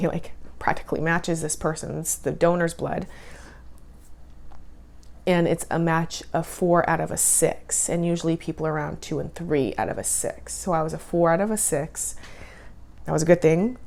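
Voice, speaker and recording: A woman's voice: sits low, darkish tone. A woman in her thirties telling her own life story in a vlog, retelling it with emotion and acting out the dialogue. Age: 30s. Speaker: vlogger. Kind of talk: personal storytelling.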